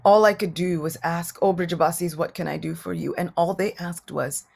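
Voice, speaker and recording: Woman voicing a grieving royal advisor, husky and low. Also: steady tone, normal speed, darkish tone. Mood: sorrowful. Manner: earnest, sorrowful storytelling. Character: grieving male royal advisor, eloquent but humbled.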